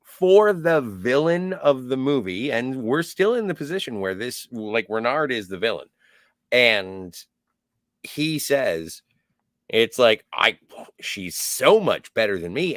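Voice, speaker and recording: A man co-hosting a podcast, explaining a film's plot in a slow, emphatic, animated way. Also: mid-range voice, no room sound, clean studio sound. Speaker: podcast co-host. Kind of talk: casual film discussion.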